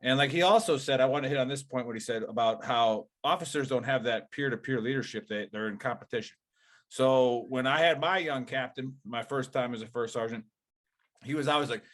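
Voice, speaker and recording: A man's voice: mid-range voice, a little fast. A man hosting a casual veterans' podcast, talking in a rambling, profane way with many fillers and restarts. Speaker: podcast host.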